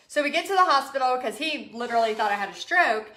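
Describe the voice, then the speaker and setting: A woman's voice: a little high, lively intonation, quick pace, few pauses, pushed and bright. A chatty woman with a Texan accent, hosting a casual livestream, laughing often and reading out viewer comments. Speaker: art business coach host.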